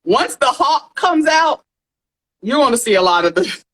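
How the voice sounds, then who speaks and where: A woman co-hosting a casual podcast chat, animated, laughing often and swearing freely. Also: high voice, measured pace, rough recording. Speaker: podcast co-host.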